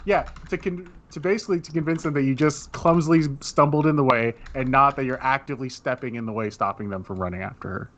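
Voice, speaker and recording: A man's voice: medium pitch, fast talker, hardly any pauses, a bit bright, lo-fi sound, slight background noise. A man narrating as game master, describing scenes in a loose way full of fillers.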